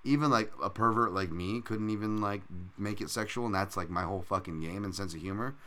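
A man's voice: fairly low pitch, a little fast, fairly bright tone. A man hosting a fight betting podcast in casual, profane, rambling chat with self-mocking jokes.

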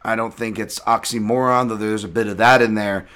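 A man's voice: on the low side, steady tone, brisk, a bit bright, smooth. A man hosting a podcast, chatting casually and rambling through a story with many fillers and restarts. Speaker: podcast host.

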